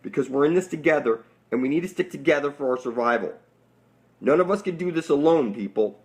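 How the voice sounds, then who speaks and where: A man's voice: a little high, fairly quick. A man giving a rambling, intense, preachy monologue to his viewers, swearing often and calling them "people". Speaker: online conspiracy speaker.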